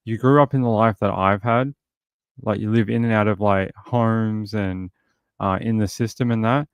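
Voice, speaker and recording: A man with a lowish voice hosts a casual true crime livestream, talking bluntly and getting fired up in long run-on bursts. He leans on fillers and restarts. The sound is dry and close, with no room around it. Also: steady tone, normal speed, clear, resonant tone, dry recording.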